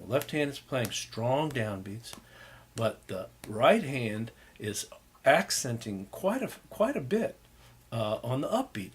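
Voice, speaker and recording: With slight background noise behind him, a mid-range male voice teaches a music class in this recorded lecture. The instructor takes his time explaining jazz rhythm in a loose way full of fillers, scatting and humming patterns as demonstrations.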